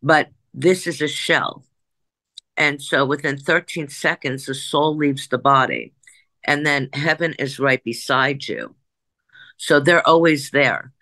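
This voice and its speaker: A woman's voice: low-pitched, animated, slow pace, pushed and bright, dry recording. A woman in her sixties, a psychic guest telling stories in an emphatic, rambling way that jumps back and forth. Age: 60s. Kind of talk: conversational storytelling.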